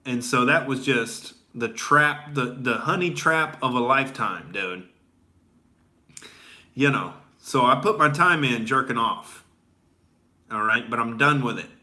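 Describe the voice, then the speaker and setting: A comedian host in a profane, rambling rant, leaning on filler words as he goes. His voice is bright and forceful at a mid-range pitch for a man. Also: a little slow.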